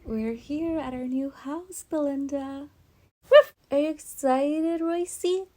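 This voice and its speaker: A woman's voice: sits high, slow, darkish tone. A woman voicing a sweet doll mom. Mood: cheerful. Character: cheerful young doll mom, upbeat and doting. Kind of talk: toy doll play-acting.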